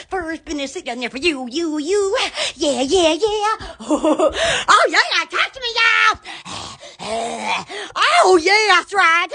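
A woman's voice: very high voice, sing-song, slow pace, sharp tone. A woman with a Southern accent chatting on a live phone stream about her shop products, exclaiming and giggling and repeating "oh, yes" over and over. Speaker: online shop owner.

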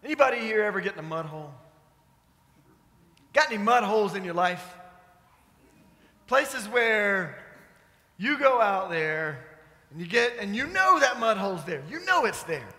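High, bright-voiced pastor preaching in a hall. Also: male voice, very animated, normal speed, pauses often. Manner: storytelling, conversational with congregation asides. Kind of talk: sermon. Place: church sanctuary. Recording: echoey church hall.

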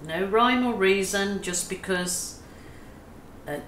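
This acrylic pouring artist has an Australian accent and a mid-range, somewhat bright voice, and she takes her time. Her tutorial talk is casual and soothing, with self-deprecating humor as she coaches. There's a little hiss or hum, plus faint ambience in an echoey room.

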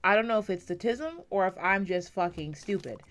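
A woman giving casual, rambling commentary while playing a video game, self-deprecating and swearing often, swinging between quiet and loud, on a close desk mic. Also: medium pitch, lively intonation, moderate pace. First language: English. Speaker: gaming YouTuber.

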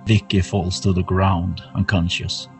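A deep-voiced man runs a tabletop horror game at an unhurried pace, pausing often on uh fillers. Music plays faintly behind him. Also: little pitch movement, low-quality recording. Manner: measured with frequent uh fillers. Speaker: game master.

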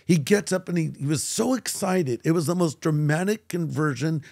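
In an interview, an older guest pastor relates a personal story, animatedly acting out the voices of those in it. His voice is a little high and creaky, his pace moderate, and the studio sound is clean with no room sound.

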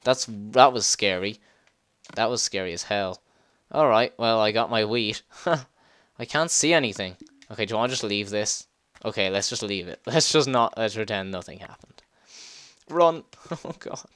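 Excitable low-voiced man gaming. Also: no echo. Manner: excitable, swears and laughs, quick yelps when startled. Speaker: let's play gamer. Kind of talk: casual gameplay commentary.

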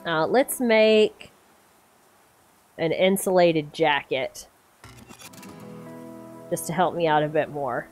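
A woman's voice: low voice, slow pace, long pauses, soft background music. A woman streamer giving casual, chatty let's-play commentary, talking to herself as she plays. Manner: chatty, talks to herself while playing. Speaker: gaming streamer.

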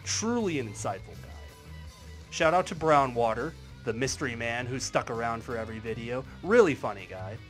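A man's voice: mid-range voice, big pitch swings, moderate pace, soft background music. A man delivering a commentary video in a wry, sarcastic manner. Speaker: YouTube commentary creator. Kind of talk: commentary vlog.

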